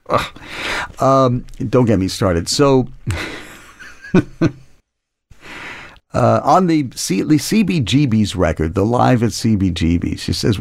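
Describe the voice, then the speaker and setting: A man's voice: mid-range voice, lively intonation, takes it slowly, pauses often, no echo. A man hosting a radio music show, chatting casually between songs with rambling, chuckling asides. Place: radio studio. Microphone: close studio mic.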